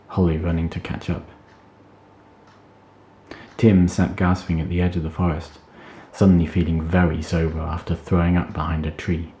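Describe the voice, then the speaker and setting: A man reading a story aloud at a steady, measured pace. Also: sits low, slight background noise. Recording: roomy echo.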